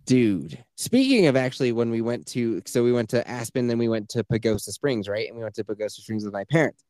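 A man's voice: mid-range voice, a little fast, no echo. A man spins a rambling, profane story on a podcast, acting out everyone's lines with a voice that leaps up and down. The sound is close and dry, with no room around it. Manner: animated, profane, acts out voices in his stories. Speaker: podcast co-host. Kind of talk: casual storytelling chat.

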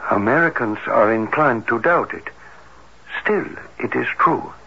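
Heart doctor, male, formal and measured, hesitant manner, bright tone, old radio drama on a dull lo-fi recording. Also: medium pitch, expressive, vocal fry, slightly rough, heavily acted. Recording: dull lo-fi radio broadcast with faint hiss.

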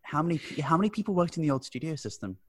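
A man's voice: fairly high pitch, big pitch swings, husky, no echo. A man chatting enthusiastically about old films as a podcast co-host. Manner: chatty, enthusiastic, quick asides. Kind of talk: casual film chat.

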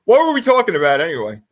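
A man's voice: fairly high pitch, breathy edge. A man co-hosting a podcast, chatting casually and joking with friends, laughing often. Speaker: podcast co-host. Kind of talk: casual fantasy football chat.

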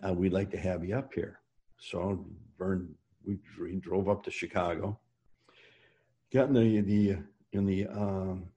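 A man with a deep, dark-toned voice tells stories as a guest in a casual interview. His anecdotes ramble, with frequent fillers and restarts.

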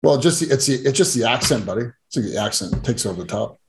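A man's voice: mid-range voice, animated, quick pace, noisy background. A man chatting casually as a guest, easygoing and full of fillers. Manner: easygoing, laughs, filler words like "like". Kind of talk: casual chat.

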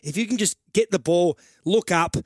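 A man's voice: high-pitched, normal speed, dry recording, clean studio sound. Australian man talking footy tactics. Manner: rambling, restarts phrases while explaining tactics. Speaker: radio football commentator. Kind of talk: sports radio chat. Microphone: studio microphone.

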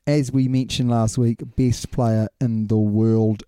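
A man's voice: mid-range voice, level tone, takes it slowly, warm tone, clear, resonant tone, dry recording, studio quality. A man co-hosting a sports podcast in casual chat, teasing and laughing often. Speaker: podcast co-host.

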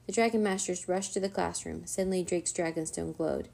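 A woman reading a children's chapter book aloud in a steady, even narrating voice. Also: on the low side, brisk, creaky, hardly any pauses. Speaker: storyteller.

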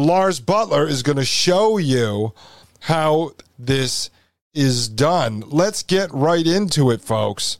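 A man's voice: medium pitch, no room sound, clean studio sound. A man hosting a podcast, delivering opinionated commentary in an emphatic manner and driving points home with repeated rhetorical questions. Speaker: podcast host.

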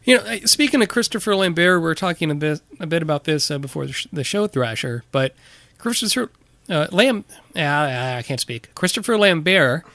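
A man with a somewhat raised voice co-hosts a movie podcast, talking casually about a film. He recaps the plot in a halting way, full of ums and restarts. The sound is dry and close, with no room in it. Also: on the high side, expressive, gravelly, fairly bright tone, no echo. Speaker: podcast co-host. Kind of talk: casual movie review chat.

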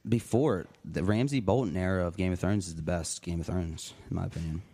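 A man's voice: deep voice, brisk, warm tone. A man in his twenties hosting a casual podcast with friends, reading out fan questions and teasing the others. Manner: teasing, says "bro" and "dude" a lot. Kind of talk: casual chat among friends.

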